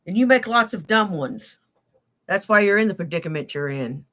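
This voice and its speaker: A woman's voice: mid-range voice, lively intonation, moderate pace, fairly bright tone. A woman hosting a casual live stream, greeting viewers by name and thanking them for donations, with blunt teasing remarks. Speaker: livestream host.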